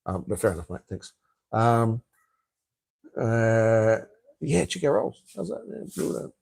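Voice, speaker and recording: A man's voice: on the low side, sing-song, takes it slowly, creaky, darkish tone, husky, dry recording. An Australian man hosting a casual live stream, chatting in a rambling way, swearing freely and answering viewer comments with lots of fillers and restarts. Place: home in Cambodia.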